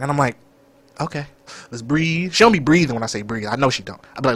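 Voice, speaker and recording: A young man co-hosting a podcast in casual chat, animated and dramatic. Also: fairly high pitch, a little fast, no echo. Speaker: podcast co-host.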